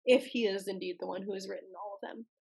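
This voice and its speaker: A blunt, opinionated woman co-hosting a casual chat show. Her voice has a husky edge, and she laughs often between strong opinions. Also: mid-range voice, steady tone, quick pace, darkish tone. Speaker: podcast co-host.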